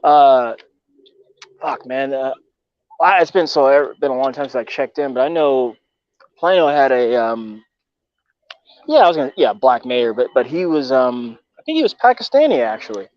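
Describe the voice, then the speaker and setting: A man's voice: mid-range voice, expressive, normal speed, no room sound, muffled recording. A man from Texas talking casually as a co-host, rambling and swearing with many fillers. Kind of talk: casual chat.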